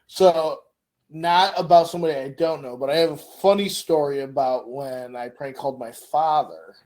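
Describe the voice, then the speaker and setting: A man's voice: on the high side, normal speed. A middle-aged man co-hosting a casual podcast chat, asking questions and telling stories with acted-out voices. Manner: animated storyteller, acts out voices.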